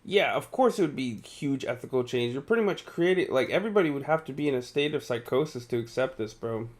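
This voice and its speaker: A man's voice: medium pitch, animated, fast talker. A tired male streamer giving casual live gameplay commentary, chatting with viewers and laughing often. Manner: chatty, reads and answers viewer chat, frequent laughs.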